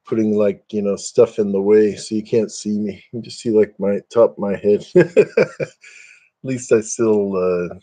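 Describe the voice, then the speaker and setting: A man's voice: fairly low pitch, a little slow, dark tone. An older man chatting casually on a webcam live stream at home, rambling and self-deprecating, chuckling often.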